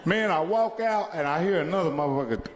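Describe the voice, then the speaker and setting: A man doing stand-up comedy, telling profane stories loudly, laughing through them and acting out voices. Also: fairly high pitch, lively intonation, quick pace, long reverb tail. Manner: loud, laughing, acts out voices.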